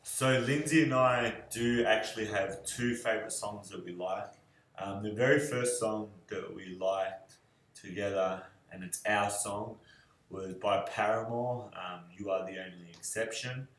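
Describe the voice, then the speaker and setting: Rambling low-voiced young man, echoey room. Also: unhurried. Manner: relaxed, rambling, many fillers. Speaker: groom answering questionnaire. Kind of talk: casual video answers.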